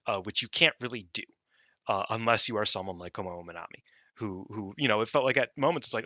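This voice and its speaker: A podcast co-host with a lowish voice talks at a quick pace, his tone pushed and bright, in a dry recording. He chats casually and rambles, using lots of fillers and the odd swear word.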